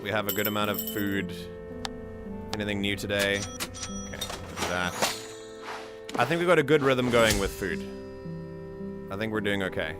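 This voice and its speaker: A man's voice: lowish voice, normal speed, long pauses, music in the background. A man hosting a let's play, chatting casually and explaining his choices as he plays. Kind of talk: casual game commentary.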